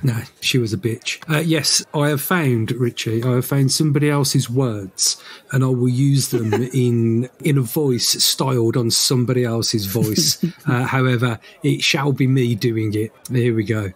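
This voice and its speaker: A man's voice: medium pitch, unhurried, breathy edge. A man co-hosting a podcast in casual, teasing banter. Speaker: podcast co-host. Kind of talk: casual chat.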